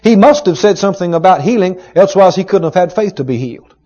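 A man preaching a sermon, retelling a story with emphatic, dramatic rising shouts. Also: high-pitched, expressive, fast. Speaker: pastor. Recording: dull lo-fi sermon recording.

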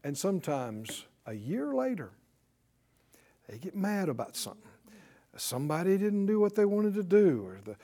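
A middle-aged pastor with a high, warm voice preaches to his congregation. He stretches out emphatic phrases and calls for responses from the crowd.

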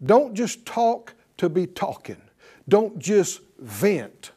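A man preaching a sermon to a congregation, animated and playful, laughing and calling for responses. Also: sits high, slow pace, husky. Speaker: pastor.

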